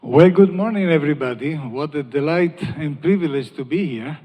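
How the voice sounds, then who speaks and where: A man's voice: fairly high pitch, moderate pace, mellow. A man from Italy with an Italian accent, opening a conference panel as moderator in an upbeat, joking, self-deprecating way. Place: large conference hall. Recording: long hall reverb.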